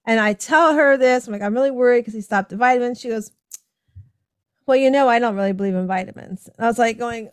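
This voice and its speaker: A woman hosting a podcast conversation, animated as she tells stories and acts out the people she quotes. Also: on the high side, quick pace, clear, resonant tone, no room sound, clean studio sound. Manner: animated storytelling, acting out quoted dialogue with laughs. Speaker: podcast host. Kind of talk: casual conversation.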